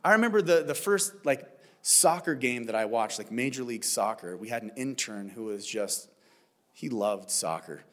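A middle-aged man preaching a sermon as pastor, teaching in a conversational, animated style with playful asides. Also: mid-range voice, moderate pace. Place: church.

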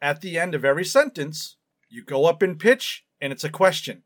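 A man co-hosts a podcast in loose, playful chat and laughs easily. His voice sits high and swoops around a lot as he talks. He keeps things light and jokey. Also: animated, moderate pace, fairly bright tone. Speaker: podcast co-host. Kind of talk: casual chat.

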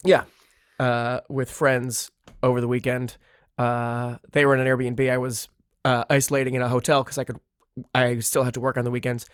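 Male podcast host, hoarse with a cold, rambling self-deprecating chat, medium pitch, dry. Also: level tone, normal speed, no room sound.

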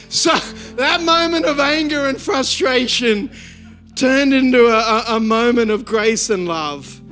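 A man, preaching a sermon and telling a lively personal story with many restarts. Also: very high-pitched, takes it slowly, pauses often, faint music behind. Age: 50s. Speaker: pastor.

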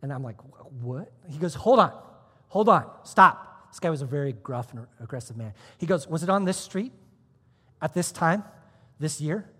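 A man pastor preaching a sermon, telling a personal story with sudden swings between hushed, almost whispered lines and loud, emphatic ones. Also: on the high side, normal speed, slightly rough, big-room sound. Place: church auditorium.

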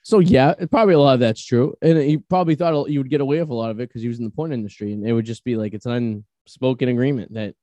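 A man's voice: mid-range voice, very fast, few pauses, warm tone, no room sound. A man in his thirties hosting a podcast, telling rambling stories in casual chat and swearing freely. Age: 30s. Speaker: podcast host.

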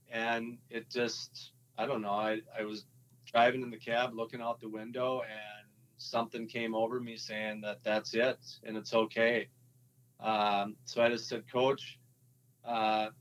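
A man, a former hockey player, telling his story in a relaxed interview, halting with many fillers and restarts, with a Minnesotan accent. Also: fairly low pitch, slight background noise, rough recording.

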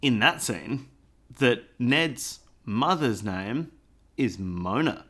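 A man's voice: medium pitch, animated, extremely slow, pushed and bright. A man co-hosting a podcast in casual chat, with dry, rambling jokes. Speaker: podcast co-host.

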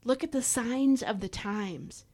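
A woman's voice: a little high, unhurried, mellow. A woman hosts a devotional podcast and teaches from scripture with real fervor. She speaks in an exhorting, preachy style, pressing her listeners directly. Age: adult parent. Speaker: podcast host.

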